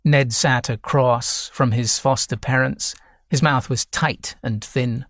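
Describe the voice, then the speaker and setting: A man narrating a novel audiobook in a measured, even reading. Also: medium pitch, dry recording, clean studio sound. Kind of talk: scripted narration.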